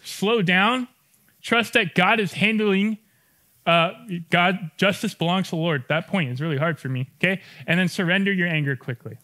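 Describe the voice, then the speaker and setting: Young man, youth pastor, casual sermon, slightly high voice, keeps checking in with listeners. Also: bright, forceful tone. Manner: conversational, checks in with the audience often.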